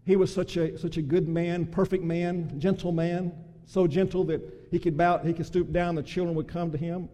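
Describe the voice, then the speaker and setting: A man's voice: on the high side, little pitch movement, normal speed, warm tone. A male pastor preaching a sermon in a church, fervent and emphatic with frequent restarts. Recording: long hall reverb.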